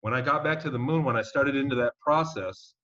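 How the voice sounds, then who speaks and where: A man being interviewed as a guest, telling his story in a casual, animated and emphatic way and swearing now and then. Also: mid-range voice, fairly quick. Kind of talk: conversational storytelling. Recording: dull lo-fi audio.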